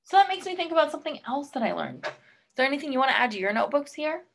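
A woman teacher leads a read-aloud lesson for young students. Her pitch moves in lively, animated swings. She keeps stopping to ask them gentle, coaxing questions. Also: racing, vocal fry.

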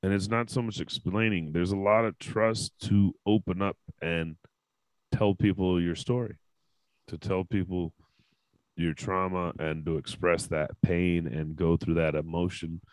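A man's voice: on the low side, big pitch swings, measured pace, dry recording, low-quality recording. A man hosting a casual panel podcast, talking candidly and emotionally with frequent swearing. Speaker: podcast host.

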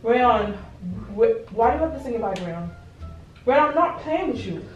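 A young woman with a Bahamian accent, her high voice pressing her boyfriend with questions in a casual prank vlog. She keeps calling out his name. She is heard in an echoey room from some distance, with faint music under her. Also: expressive, moderate pace, dull audio. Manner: accusing, repeating his name, breaking into laughter. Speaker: prankster vlogger. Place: home indoors.

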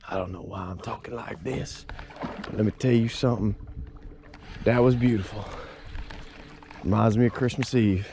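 A man's voice: medium pitch, normal speed, pauses often, mellow, slight background noise. A man, talking casually to the camera while fishing from a small boat on a marsh. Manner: laid-back, chatty, talks to the camera and to the fish. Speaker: fishing vlogger. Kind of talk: casual outdoor vlog commentary.

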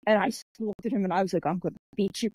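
Racing along in a mid-range voice with no room sound, the podcast guest tells her stories. An author and martial artist, she plays out each person she quotes, chatting away with plenty of "like" and "I'm like."

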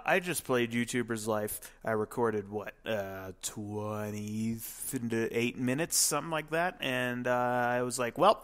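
A man giving casual, rambling commentary while playing a game, profane and excitable. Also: medium pitch. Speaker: let's play host.

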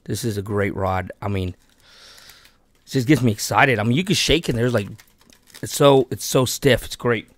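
A man's voice: on the low side, fairly quick, no room sound. A man hosting a fishing channel, chatting casually and eagerly about fishing gear and a giveaway. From Texas. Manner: chatty and excitable, talks himself out of keeping the gear. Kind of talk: casual giveaway vlog talk.

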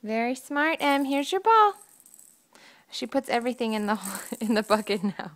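A young woman filming her baby at home, cooing to her in sing-song baby talk and breaking into cheering shouts, recorded on a handheld camera. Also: a little high, sing-song, normal speed.

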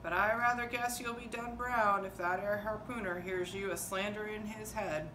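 A woman's voice: medium pitch, fairly even intonation, moderate pace, bright, forceful tone, far from the mic, natural voice. A woman voicing a wry, teasing old male innkeeper in a drawling, folksy way, heard in a roomy hall with background noise.

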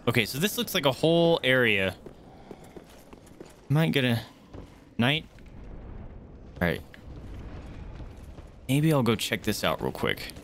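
A young man giving live commentary as he plays a game, reacting loudly and swearing often, yelping when startled. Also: mid-range voice, very animated, unhurried, long pauses, slight background noise. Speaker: streamer playing a game.

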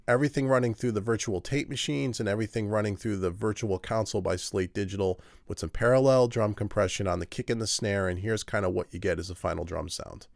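A man with a low-leaning, creaky, darkish voice hosts a screen-recorded home-studio tutorial, casually explaining his mixing steps with fillers and restarts. There's no echo on the recording.

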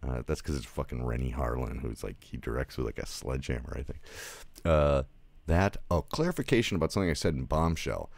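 A man with an extremely deep voice and plenty of vocal fry rambles through a casual film review. He drifts between thoughts, laughs at his own asides and leans on fillers. The sound is dry and close, with no room around it. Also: a little fast, no echo.

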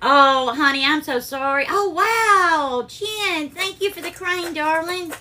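A woman with a Southern drawl hosts a live cooking stream from her kitchen, greeting viewers by name and calling them darling and honey. Her voice sits high and sounds bright and lively. A faint noise hums under the recording. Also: slow. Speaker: cooking livestream host. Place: home kitchen.

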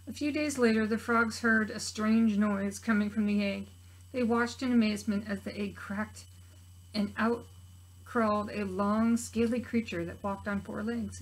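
Gentle woman reading a children's story. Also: mid-range voice, steady tone, normal speed, low-quality recording. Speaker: preschool teacher reading aloud. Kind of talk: children's story read-aloud.

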